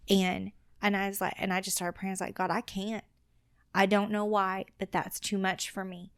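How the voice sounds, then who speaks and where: A woman's voice: mid-range voice, moderate pace, clean tone, dry recording, clean studio sound. A woman guest on a podcast telling her personal story earnestly and acting out what other people said. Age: adult with children. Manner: earnest, quotes people in lively retellings.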